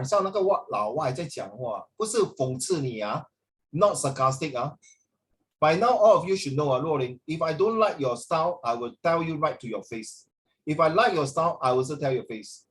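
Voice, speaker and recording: Middle-aged man, online teacher, playful and teasing, slightly high voice, video call sound. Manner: playful, teasing, jumps between English and Mandarin. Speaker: English teacher.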